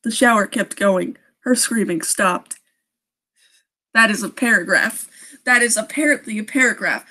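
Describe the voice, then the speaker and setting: A woman's voice: on the high side, unhurried, sharp tone. A young woman reading a creepy story on a live stream, often breaking off to laugh and make sarcastic jokes about the writing.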